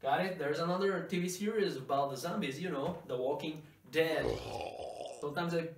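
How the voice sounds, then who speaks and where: A man teaching English pronunciation, stretching out model words slowly for learners to repeat. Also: fairly high pitch, distant mic, slight background noise. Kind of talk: pronunciation lesson. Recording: echoey room, voice from off-mic.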